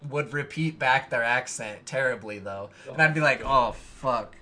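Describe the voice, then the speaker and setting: A man's voice: medium pitch, moderate pace, bright, forceful tone. A young American man hosting a casual chat, loose and jokey, laughing easily. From United States.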